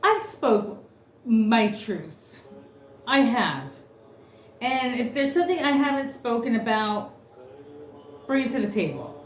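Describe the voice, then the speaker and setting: A woman's voice: a little high, animated, slow pace, long pauses. A woman giving an unscripted tarot reading, ranting bluntly and cursing freely. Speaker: tarot reader. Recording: roomy echo, faint noise.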